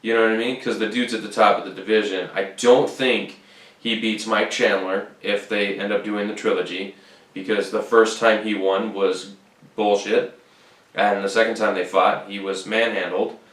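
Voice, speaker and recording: A man's voice: on the low side, level tone, normal speed, fairly bright tone. A man hosting a casual solo podcast recap, talking in a loose, rambling, profane way. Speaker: podcast host. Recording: roomy sound, distant from the mic.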